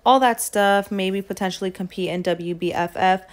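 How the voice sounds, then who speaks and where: A woman's voice: medium pitch, moderate pace. A woman vlogging in a casual, chatty and emotional way, tired and sometimes swearing. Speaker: fitness vlogger. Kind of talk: casual vlog chat. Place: hotel room.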